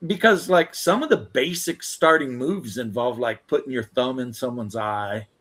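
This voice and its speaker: A man's voice: medium pitch, moderate pace, fairly bright tone. A man in casual chat, talking loosely with lots of fillers. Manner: loose, rambling, filler-heavy talk.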